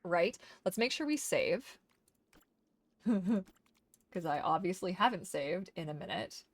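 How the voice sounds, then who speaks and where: A woman's voice: fairly low pitch, animated, slow pace, no room sound. Woman, gaming streamer, casual chat, doting baby talk, dry close mic. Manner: doting baby talk to her dog between game remarks.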